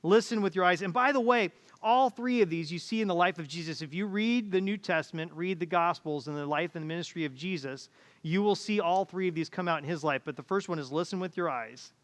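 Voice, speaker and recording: A man's voice: sits high, brisk, big-room sound. A man preaching a sermon as pastor, telling stories and acting out the people in them. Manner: storytelling, acts out quoted voices. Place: church auditorium.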